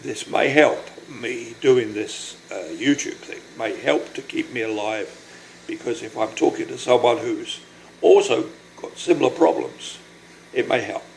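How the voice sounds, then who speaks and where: An older man recording a personal video diary, speaking in a halting, apologetic, emotional way and short of breath from illness. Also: medium pitch, gravelly, a little mellow, slight background noise, rough recording. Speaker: vlogger.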